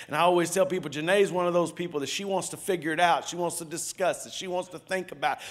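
A middle-aged man preaching as a pastor, telling stories and asking the congregation questions, swinging between loud outbursts and hushed asides. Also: high voice, brisk. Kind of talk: sermon.

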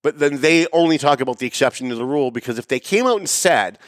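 A man hosting a political commentary show, talking sarcastically and emphatically. He swings between raised, pointed emphasis and low asides. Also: lively intonation, quick pace, dry recording, clean studio sound. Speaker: show host. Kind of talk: opinionated political commentary monologue.

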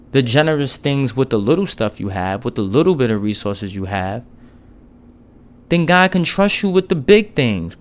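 A man gives a relaxed devotional talk in a smooth, resonant voice at an ordinary pitch. He talks to listeners like friends, repeating his points and tossing in casual asides. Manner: conversational, repeats key words, casual asides. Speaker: podcast preacher.

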